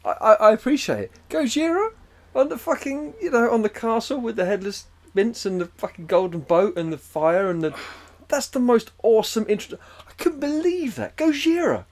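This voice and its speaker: A man's voice: very high-pitched, animated, moderate pace. A man, co-hosting a podcast in casual chat, rambling and swearing as he jumps into put-on voices. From England. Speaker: podcast co-host.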